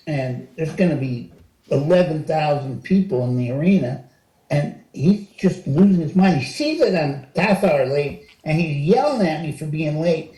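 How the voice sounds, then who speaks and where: A man in his sixties tells stories as an interview guest, animated and quick to jump into acted-out quotes. His voice sits fairly high but sounds mellow. The recording has a roomy echo around it. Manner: animated storyteller, acts out quotes with rising pitch. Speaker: interview guest, retired wrestler. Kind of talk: casual storytelling interview.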